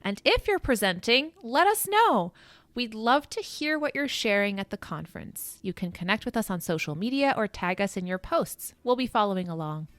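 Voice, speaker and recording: A woman's voice: a little high, sing-song, moderate pace, a bit bright, dry recording. Upbeat woman podcast co-host, dry sound. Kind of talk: casual podcast chat.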